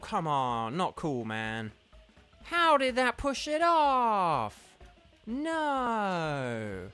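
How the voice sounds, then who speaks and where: Chatty male streamer, fairly high, very animated voice that rambles and self-corrects, with faint game music underneath. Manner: rambling, chatty, often corrects himself mid-sentence. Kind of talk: live game stream chat.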